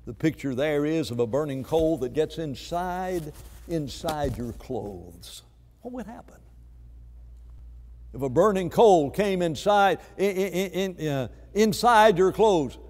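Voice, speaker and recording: A man preaching a sermon, swinging from hushed tones to loud outbursts and repeating words as he finds his place. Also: on the high side, animated, slow. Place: church sanctuary. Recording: long reverb of a church hall.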